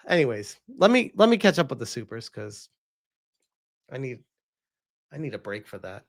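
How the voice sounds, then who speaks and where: A man's voice: mid-range voice, very animated, moderate pace, gravelly, pauses often. A man ranting as a gaming streamer on a live stream, heated, exasperated and swearing freely.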